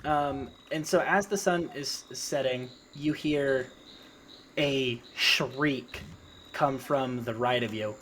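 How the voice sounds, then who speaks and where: A man's voice: medium pitch, takes it slowly, a bit bright, a little hiss or hum. A man narrating as game master with rambling, filler-heavy descriptions.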